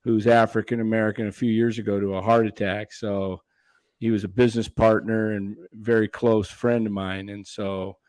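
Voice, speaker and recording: A man on a sports talk show, speaking earnestly and defensively with halting restarts. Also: lowish voice, flat delivery, darkish tone, no echo. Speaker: panelist. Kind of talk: casual sports talk chat.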